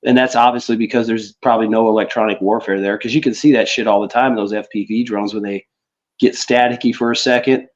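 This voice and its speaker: A man's voice: lowish voice, fairly even intonation, fast. Rambling man on a lo-fi line. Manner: rambling, loose, swears casually. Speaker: podcast co-host. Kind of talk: casual political chat. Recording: slightly dull lo-fi audio.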